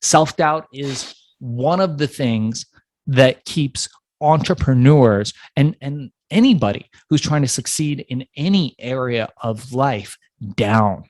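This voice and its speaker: Dry-voiced man telling a lively story. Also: mid-range voice, slow, dry recording. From Iran. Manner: acts out voices of people in his stories. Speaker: entrepreneur guest. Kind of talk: animated storytelling in an interview.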